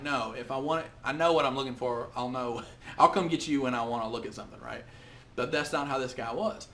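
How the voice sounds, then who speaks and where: A man's voice: mid-range voice, a bit bright. An outgoing man hosting a short business tip video, talking casually to the camera with many restarts. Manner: outgoing, chatty, with frequent restarts and quoted voices. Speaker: host of business tips videos.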